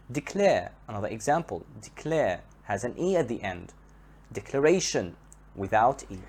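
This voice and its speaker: A man teaching English grammar, spelling out letters and repeating each example word slowly to show where the stress falls. His first language is Arabic. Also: mid-range voice, a little mellow, slightly rough. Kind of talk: slow, careful grammar lesson.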